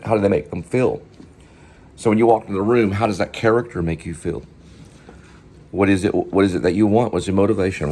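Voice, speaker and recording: A man vlogging about acting technique, rambling and asking the viewer quick questions. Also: on the low side, a little mellow, slight background noise. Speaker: vlogger and actor teaching acting. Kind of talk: casual acting talk to camera.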